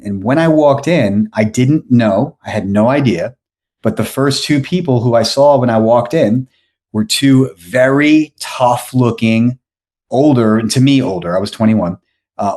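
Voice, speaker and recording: A man's voice: medium pitch, a little slow, darkish tone. A man, telling a story on a podcast as the guest, rambling with many restarts and fillers. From New York. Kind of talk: casual storytelling.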